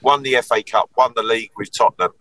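A man's voice: medium pitch, steady tone, fast, a bit bright, no room sound, recorded from a distance, low-quality recording. A man in his sixties, a former footballer, reminiscing earnestly in a casual podcast chat. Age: 60s.

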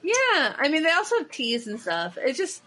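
A woman's voice: high voice, wildly swooping pitch, normal speed, pushed and bright. A woman co-hosting a podcast in casual chat, rambling with frequent restarts and fillers. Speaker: podcast co-host.

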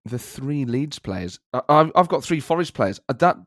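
He is a man co-hosting a casual chat, boasting playfully, his pitch swinging widely up and down. The sound is dry and close, with no room around it. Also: expressive, moderate pace, dry recording. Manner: boastful, playful, breaks into bits of song. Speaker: podcast co-host. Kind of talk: casual chat about fantasy football.

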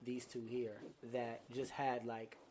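A man's voice: medium pitch, completely flat delivery, slow pace, darkish tone, slight background noise. Man, podcast host, casual chat, laid-back, asks questions.

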